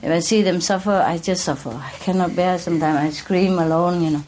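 A woman addressed as master, talking in a casual conversation, earnest and emotional, halting with restarts and soft laughs. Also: lowish voice, a little hiss or hum.

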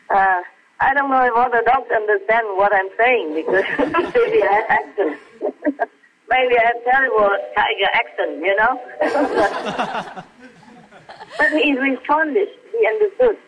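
A woman's voice: a little high, expressive, slow, long pauses, crowd noise, rough recording. An older woman, a spiritual teacher, chatting playfully in a casual storytelling way, often laughing and repeating her words over a video call. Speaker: spiritual teacher answering questions.

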